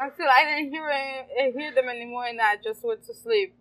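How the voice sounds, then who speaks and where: A woman from Haiti, a restaurant owner telling animated stories in a casual interview and laughing often. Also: high voice, moderate pace, rough recording. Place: farmers market.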